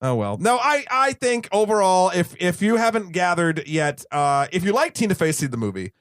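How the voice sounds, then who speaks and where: A man's voice: sits high, big pitch swings, normal speed, no room sound, clean studio sound. A man hosting a casual movie podcast, rambling through jokey tangents and swearing freely. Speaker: podcast host.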